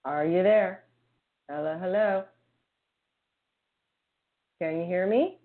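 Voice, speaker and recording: A woman's voice: lowish voice, slow, phone-quality sound. A woman hosting a live show, bubbly and gushing as she chats. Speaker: host.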